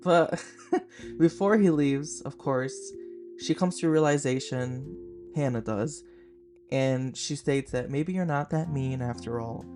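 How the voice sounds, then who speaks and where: A young man in his twenties hosts a laid-back podcast and enthuses about a favorite film. His voice sits at a middle pitch, and his talk is loose and filler-heavy. Soft guitar music plays faintly behind him. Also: takes it slowly. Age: 20s. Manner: chatty and gushing, with frequent "like" fillers. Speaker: podcast host. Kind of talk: casual film review podcast.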